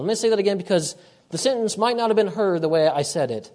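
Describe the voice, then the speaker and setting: A man preaching a sermon, emphatic, repeating his key phrases and moving between loud and hushed delivery. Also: sits high, lively intonation, fast talker.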